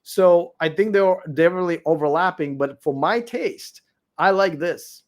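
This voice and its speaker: A man's voice: sits high, moderate pace. Blunt man with a weak voice. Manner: blunt, profane, repeats himself while arguing. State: losing his voice. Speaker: livestream host answering viewer comments. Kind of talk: late-night livestream chat.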